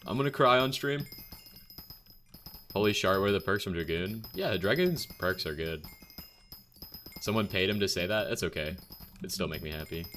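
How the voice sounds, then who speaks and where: A man's voice: sits low, expressive, moderate pace, fairly bright tone, soft background music. A young man streaming a game, casually and bluntly answering viewer questions in a chatty way.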